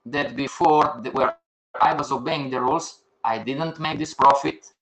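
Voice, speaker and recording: Older male instructor, slightly high voice, live class, quizzes his students then answers them himself. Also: normal speed, pushed and bright. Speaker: trading instructor. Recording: echoey room.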